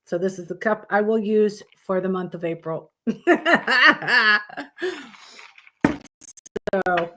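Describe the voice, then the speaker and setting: A woman's voice: mid-range voice, slow pace, long pauses, sharp tone. A woman hosting a live stream, chatting casually with her viewers, greeting them by name and swearing freely.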